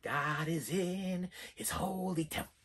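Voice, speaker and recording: A man voicing a menacing old male preacher ghost, drawn out slowly and eerily. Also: high-pitched, a bit bright, breathy edge, heavily acted. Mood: intoning.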